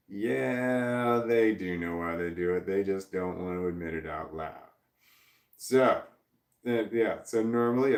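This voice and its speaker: Man streamer, low voice, off-mic in an echoey room, halting, rambling chat reader. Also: a little mellow, distant mic. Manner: rambling, halting, frequent restarts. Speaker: livestreamer reading chat. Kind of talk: casual livestream chat. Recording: roomy, off-mic sound.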